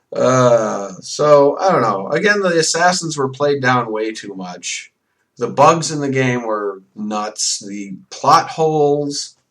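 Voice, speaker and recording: A man's voice: medium pitch, animated, slow pace, a bit bright, far from the mic. A man hosting a solo podcast, ranting animatedly with mocking asides. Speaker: podcast host. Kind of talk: solo rant about a video game.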